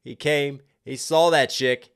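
A man hosting a reaction video, talking casually and excitedly over a rap track, laughing and reacting out loud. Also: medium pitch, takes it slowly, vocal fry, clear, resonant tone.

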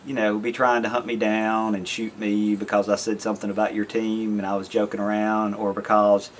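A man's voice: fairly low pitch, flat delivery, fairly quick. Man, casual vlog monologue, folksy, rambling, faint background hum. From American South. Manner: rambling, folksy, self-interrupting. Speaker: YouTube vlogger.

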